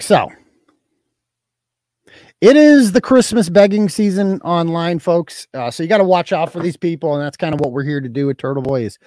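Crude mocking man, high voice. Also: darkish tone, dry recording. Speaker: host. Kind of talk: casual livestream commentary.

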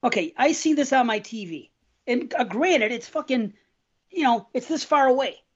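A man's voice: extremely high pitch, lively intonation, normal speed, breathy edge, muffled recording. A man co-hosting a podcast, rambling in casual, heavily profane chat. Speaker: podcast co-host.

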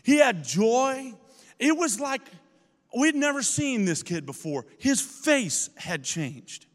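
A man preaching a sermon as pastor, telling stories with animated energy that builds to shouting. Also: extremely high pitch, takes it slowly, long reverb tail. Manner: animated storytelling, rising to shouts.

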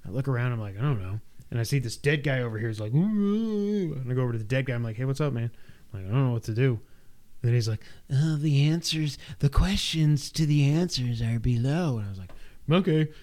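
Animated man retelling a game. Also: mid-range voice, fast talker. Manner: animated storyteller acting out game moments with sound effects. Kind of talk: casual chat recounting gameplay.

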